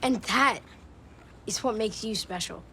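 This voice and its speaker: An actress playing a caring adult woman checking on a young hockey player, sympathetic and gently teasing. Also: fairly high pitch, unhurried, soft background music. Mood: concerned.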